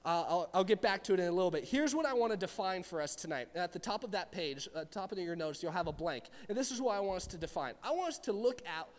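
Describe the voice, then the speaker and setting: A young man preaching a sermon to a live audience in a church hall, in a chatty, animated, rambling way. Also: sits high, fast, hardly any pauses. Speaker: pastor. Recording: long reverb of a large hall.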